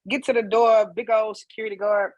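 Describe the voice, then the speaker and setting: A woman guest on a casual podcast interview, a singer and percussionist telling stories in a lively way. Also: a little high, brisk, no echo. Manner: lively storyteller, acts out dialogue.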